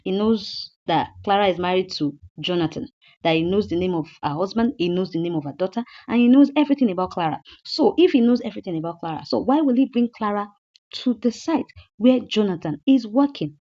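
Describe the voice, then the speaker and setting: A woman's voice: mid-range voice, animated, fairly quick, highs cut off. A woman, casually recapping a movie episode in a chatty way, repeating points and asking rhetorical questions.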